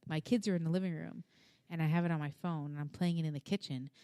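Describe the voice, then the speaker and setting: A woman in her thirties co-hosting a podcast, telling stories in an animated, casual way, swearing freely and acting out the voices of people in her stories. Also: low voice, quick pace, clean tone, no echo, studio quality. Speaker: podcast co-host. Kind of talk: casual chat.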